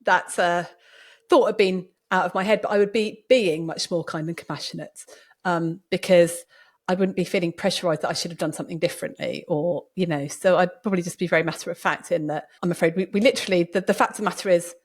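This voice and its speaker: A woman hosting a podcast, talking casually and telling stories in a lively way with many restarts. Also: lowish voice, fast. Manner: lively storytelling with frequent restarts. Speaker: podcast host and doctor. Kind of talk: casual conversation.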